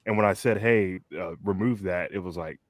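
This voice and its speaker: A young man with a low, deep voice talks in a loose, rambling podcast chat. He fills his sentences with "like" and "um" and laughs easily. The sound is close and dry, with no room echo. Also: moderate pace. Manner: rambling, many fillers and restarts, laughs easily. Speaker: podcast co-host. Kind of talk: casual chat.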